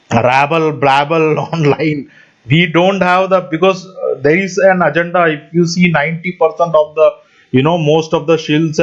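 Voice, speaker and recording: Man rambling with nervous laughs. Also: on the high side. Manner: rambling, often laughs mid-sentence, keeps addressing viewers as guys; non-native English speaker. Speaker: channel host. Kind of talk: casual rambling monologue. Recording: dull lo-fi audio.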